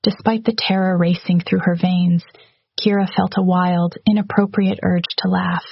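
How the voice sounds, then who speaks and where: A woman narrates a story in a level, even-paced read. Her voice is gravelly and a little husky. The recording is dry and slightly dull. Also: on the low side, moderate pace, no room sound. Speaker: audiobook narrator. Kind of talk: scripted narration.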